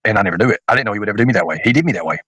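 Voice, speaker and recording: Guy on a livestream, talks fast, rambles, lots of ums, dry close sound. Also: fairly low pitch, expressive, sharp tone, slightly rough, dry recording, low-quality recording. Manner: rambling, with many fillers and restarts. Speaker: livestream host. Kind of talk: casual livestream chat.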